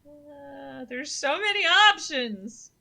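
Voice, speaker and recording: A woman's voice: high-pitched, animated, slow, vocal fry, bright, forceful tone. A young woman streaming a story game, chatting casually and reading the game's narration aloud. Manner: chatty, reads narration in second person, fillers like um and uh. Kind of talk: casual let's-play commentary and reading game text aloud.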